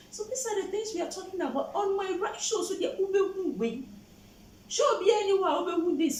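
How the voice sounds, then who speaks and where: A woman's voice: fairly high pitch, echoey room, recorded from a distance, a little hiss or hum, poor audio. Passionate Ghanaian woman host. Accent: Ghanaian English. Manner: passionate, mixing English and Twi. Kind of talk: explaining the law to viewers.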